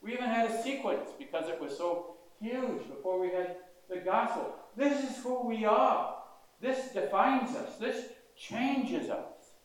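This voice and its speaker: Older male priest, fairly high voice, folksy sermon, big echoing church, mic at a distance. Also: unhurried. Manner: conversational preaching with questions to the congregation. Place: large church. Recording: echoey church heard from a distance.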